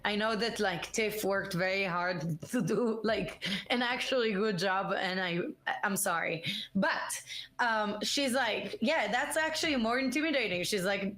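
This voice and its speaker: A woman's voice: mid-range voice, measured pace, fairly bright tone. A young woman co-hosting a live stream, joking playfully and laughing often. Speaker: co-host of a live interactive show. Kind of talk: casual live-stream chat.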